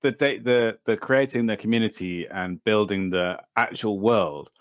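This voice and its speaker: A man with an English accent co-hosting a casual podcast, teasing and thinking aloud, often clearing his throat. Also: on the low side, a little slow, dry recording, studio quality. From England. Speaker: podcast co-host.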